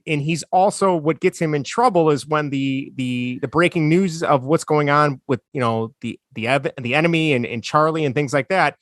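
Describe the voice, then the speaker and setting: A man with a slightly higher voice chats on a podcast, explaining things slowly and filling gaps with ums. He sounds close to the mic. The room adds almost no echo. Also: a bit bright. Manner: explains at length, hesitant with many ums. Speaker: podcast co-host. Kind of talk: casual chat.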